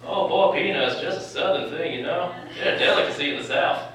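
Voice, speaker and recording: Talking fast in a higher, fairly bright voice, a young California doctor entertains medical students at a live event with frequent jokes and chuckles. He's a physician and medical educator, recorded distantly in a lecture hall.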